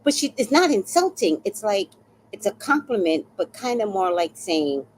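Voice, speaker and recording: Speaking at medium pitch and a moderate pace, this woman in her sixties hosts a live stream where she chats casually, laughs, tells stories and swears now and then. A little hiss or hum runs through the low-quality recording.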